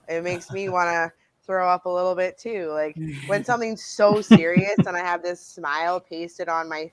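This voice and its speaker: Low-voiced woman author, lively. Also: no room sound, rough recording. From Canada. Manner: animated, laughing, acts out quoted voices. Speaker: author guest. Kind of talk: casual interview talk.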